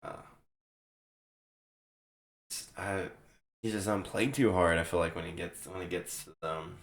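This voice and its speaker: A man's voice: low voice, a little slow, fairly bright tone. A young man giving casual, rambling reaction commentary on basketball prospects, restarting his sentences often while he is losing his voice. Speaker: sports video host.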